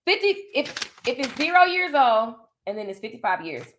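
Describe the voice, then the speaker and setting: A woman hosting a casual faith-based motivational talk, animated and preachy, calling her viewers "baby" and "honey.". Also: fairly high pitch, moderate pace, slight background noise. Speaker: host of a live motivational stream.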